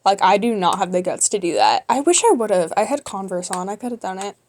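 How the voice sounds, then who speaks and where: A teenage girl rattles through stories from school in a casual, rambling way, full of "like" and "you know." Her voice sits in a middle range, and she keeps slipping into quick impressions of classmates and teachers. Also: medium pitch. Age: teens. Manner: animated, acts out people in her stories; quick, rambling with many fillers. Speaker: YouTuber. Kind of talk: casual storytelling.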